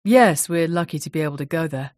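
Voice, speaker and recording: A subdued, grieving man speaks barely above a murmur, voiced by a woman reading a novel aloud. His tone is low and numb. The recording is dry and close. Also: fast talker, no room sound, lightly acted. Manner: soft, low, numb-sounding.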